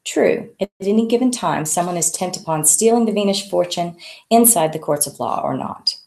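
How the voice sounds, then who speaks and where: A woman's voice: lowish voice, lively intonation, a little fast, dark tone, echoey room. A woman voicing a male head of security with a dry, matter-of-fact manner.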